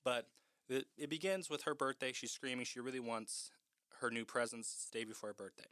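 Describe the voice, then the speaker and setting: A man's voice: medium pitch, a little fast, a bit bright, no room sound, clean studio sound. A man casually recapping a horror film in a chatty, profane way, with lots of "like".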